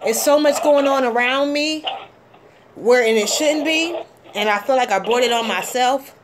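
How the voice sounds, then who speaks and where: A middle-aged woman hosting a call-in show, talking in a heartfelt, halting way with many ums. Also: high voice, noisy background. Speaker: host. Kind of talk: casual call-in show talk.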